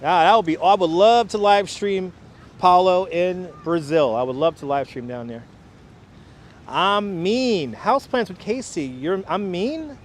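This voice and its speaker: A chatty Brooklyn man with a high voice hosts a live walking stream from a city waterfront, greeting viewers by name and joking with the chat. A clip-on wireless mic keeps his voice close, with faint traffic and city hum behind him. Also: expressive, unhurried. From Brooklyn, New York. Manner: chatty, reads out viewer names and jokes with chat.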